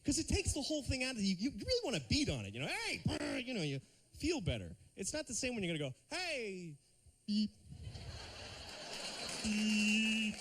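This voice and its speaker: A man doing a stand-up routine on a TV studio stage, lively and slipping into silly put-on voices. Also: very high-pitched, rapid-fire, breathy edge. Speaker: stand-up comedian.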